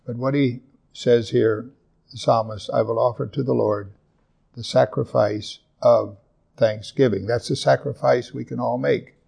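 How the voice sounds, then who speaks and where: A man pastor preaching a sermon, earnest, repeating and slowing down on scripture verses for emphasis. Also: medium pitch, fairly even intonation, vocal fry, a little mellow, husky.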